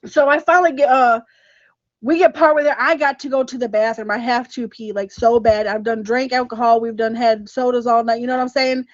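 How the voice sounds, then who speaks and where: A woman with a high voice tells a story on a podcast, animated and emphatic, laughing as she goes. The sound is dry and a bit dull. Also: brisk, dry recording. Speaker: podcast co-host. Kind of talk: casual storytelling chat. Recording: dull, slightly muffled podcast audio.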